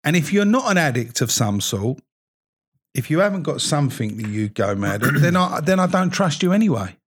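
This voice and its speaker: A man's voice: fairly high pitch, sing-song, fairly quick, slightly rough. A man, rambling and self-mocking in casual podcast chat, laughing often as he talks. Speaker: podcast host.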